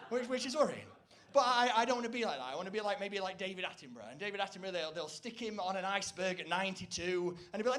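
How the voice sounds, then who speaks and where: A man performing a rambling, self-deprecating stand-up comedy set on stage, breaking into loud, shrill impressions. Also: lively intonation, quick pace. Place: stage before a live audience.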